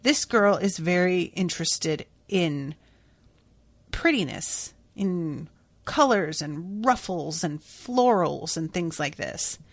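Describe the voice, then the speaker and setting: A woman's voice: lowish voice, lively intonation, takes it slowly, dry recording. A woman hosting a podcast, recapping an episode in a chatty, blunt way and swearing freely. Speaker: podcast host.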